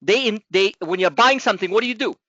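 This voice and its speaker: A man coaching a trading group, explaining markets in an animated, rambling way with many restarts. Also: high voice, fast, dry recording, muffled recording.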